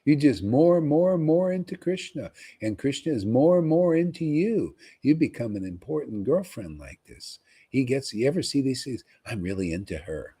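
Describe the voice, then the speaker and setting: A man giving an informal, rambling devotional talk to followers, often pausing to ask "see?" and repeating himself. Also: a little high, sing-song, dark tone, breathy edge. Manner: conversational, rambling, repeats words and asks "see?". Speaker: spiritual teacher.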